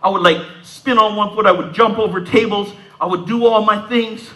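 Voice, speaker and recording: A man's voice: high voice, fairly even intonation, normal speed, sharp tone, low-quality recording. A man in his fifties from Southern Ontario, telling his life story in a talk, acting out the scenes in a streetwise way. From Southern Ontario, Canada. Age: 50s. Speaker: speaker giving a talk.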